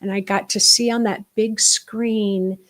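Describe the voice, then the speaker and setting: A spiritual workshop is being streamed live by a middle-aged woman whose voice sits at a middle pitch. She teaches with animation and emphasis, speeding through some lines and lingering over others as soft, hushed asides.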